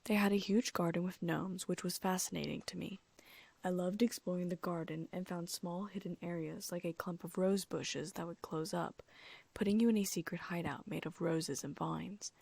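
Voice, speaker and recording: A woman reading a first-person audiobook story in a steady way, with the odd slip and restart. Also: fairly low pitch, vocal fry, breathy edge, no room sound. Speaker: audiobook narrator.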